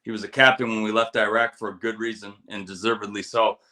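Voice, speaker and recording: A middle-aged man, a veteran co-hosting a casual show, telling stories and giving fight picks with lots of profanity and animated quoting. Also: fairly low pitch, quick pace. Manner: storytelling, profane, animated quotes. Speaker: podcast co-host, military veteran.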